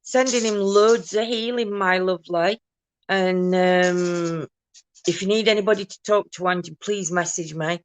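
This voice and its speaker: A woman hosting a casual morning livestream from home, chatting and greeting viewers by name, quick to burst into a big loud laugh. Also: lowish voice, steady tone, clear, resonant tone. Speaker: livestream host.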